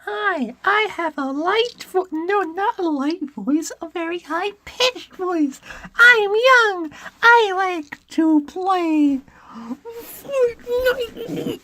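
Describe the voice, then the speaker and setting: A woman voicing a young schoolboy with a very high-pitched, squeaky voice, eager and pleading with his teacher. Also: expressive, drawn-out words, bright, forceful tone, dry recording, full character voice.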